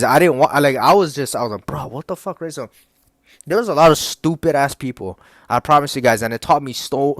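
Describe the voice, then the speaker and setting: A man's voice: mid-range voice, no echo. A young man telling a story in a casual, rambling rant, swearing often and talking straight to his viewers. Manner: rambling, profane, filler-heavy, keeps addressing the audience. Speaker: YouTuber.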